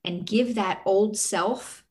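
A woman's voice: mid-range voice, takes it slowly, a little mellow, a little hiss or hum. A middle-aged woman coach giving earnest advice in a casual talk, walking through steps with a string of questions. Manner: earnest, explains step by step with rhetorical questions.

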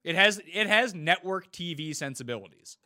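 A man's voice: high-pitched, animated, moderate pace, pushed and bright. A man hosting a casual podcast debate, blunt and opinionated about TV shows. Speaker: podcast host.

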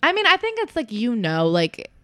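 A woman's voice: a little high, wildly swooping pitch, fairly bright tone, dry recording, studio quality. A young woman, a comedian guest, chatting casually on a podcast and telling stories full of "like" and "you know what I mean". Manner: rapid, filler-heavy storytelling.

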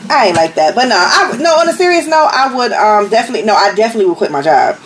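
A young woman, co-hosting a loose podcast chat. She tells stories in a profane, animated way and laughs often, her voice a little high. A faint hum of room ambience sits behind her. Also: rapid-fire. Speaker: podcast co-host. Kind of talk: casual chat.

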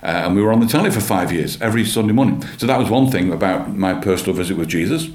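A man with a fairly low voice tells his story of faith in a guest interview, earnest and animated, circling back over his own words as he goes. The room around him adds a noticeable echo. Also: fast. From England. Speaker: church leader and guest. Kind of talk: personal testimony in an interview. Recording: roomy echo.

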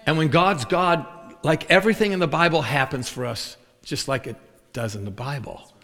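A man's voice: on the high side, moderate pace, soft background music. A male preacher telling a story in a sermon, acting out the voices of the people in it. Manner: animated storyteller acting out both sides of a dialogue. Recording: long hall reverb.

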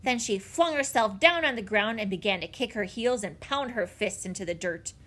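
A woman narrating a children's audiobook in an expressive storytelling manner. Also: mid-range voice, moderate pace. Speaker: audiobook reader.

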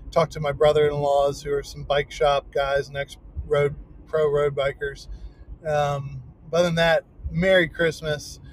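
A man's voice: fairly high pitch, slight background noise. A middle-aged man hosting a podcast in loose, rambling casual chat with lots of fillers. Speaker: podcast host.

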